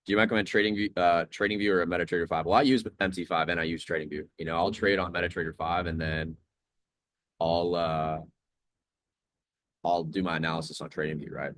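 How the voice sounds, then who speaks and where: Laid-back deep-voiced man streaming trades. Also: little pitch movement, a little fast, a bit bright, no room sound, clean studio sound. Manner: laid-back, chatty, reads chat aloud. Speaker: trading livestream host. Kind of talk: casual live-stream commentary.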